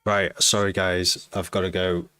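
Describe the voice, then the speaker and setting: A very low-pitched man from Cheshire with a bright, forceful edge to his voice. He chats casually and rambles through asides as a music producer streaming his session. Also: flat delivery, moderate pace, clear, resonant tone, dry recording. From Cheshire, England. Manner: rambling, chatty, full of asides. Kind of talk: casual livestream chat.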